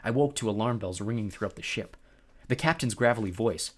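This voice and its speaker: A man narrating a first-person audiobook with expressive storytelling. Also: lowish voice, a little fast.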